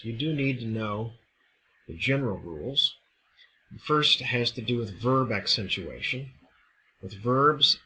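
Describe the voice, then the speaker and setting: A man teaching a recorded lesson, explaining step by step in a measured way. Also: mid-range voice, pushed and bright, slight background noise, rough recording. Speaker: Greek teacher. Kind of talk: recorded classroom lecture.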